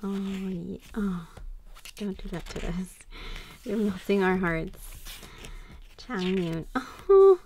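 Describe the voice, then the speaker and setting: A woman gushes over what she unboxes, talking slowly with a gravelly edge to her voice. She keeps up a casual, affectionate commentary broken by soft laughs. A steady noise sits clearly behind her. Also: medium pitch. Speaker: K-pop fan unboxing photobooks.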